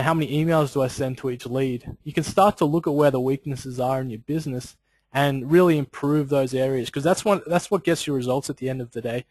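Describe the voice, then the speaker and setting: A man's voice: medium pitch, darkish tone, dry recording, low-quality recording. A man presenting an instructional webinar in a loose, conversational way, full of casual asides. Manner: conversational, loose, peppered with "you know" and "like".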